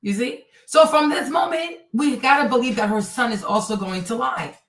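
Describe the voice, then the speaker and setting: A woman hosting a live stream, reacting to video clips in an animated, mocking way and tossing in Spanish words. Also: a little high, moderate pace. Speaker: streamer host. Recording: roomy, distant from mic.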